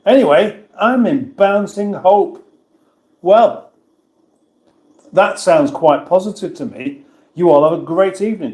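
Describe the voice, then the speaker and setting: A man from England chats casually on a livestream, reading out viewer comments and poking fun at himself. His voice sits a little high for a man, and the room around him is echoey. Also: a little mellow. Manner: chatty, self-mocking, reads comments aloud. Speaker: livestream host reading chat.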